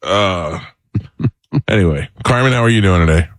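A middle-aged man hosting a talk show, telling a funny anecdote in an animated way and mimicking the people in it. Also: deep voice, moderate pace, no echo. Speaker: radio show host. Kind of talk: casual storytelling chat.

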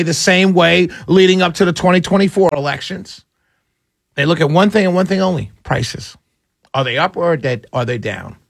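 This is a male radio host with a high-pitched voice, talking straight at his audience. He hammers his points with repetition and a lecturing tone. The sound is close and dry, with no room echo. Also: creaky, fairly bright tone, breathy edge. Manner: emphatic, repetitive, lecturing listeners. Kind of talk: political commentary monologue.

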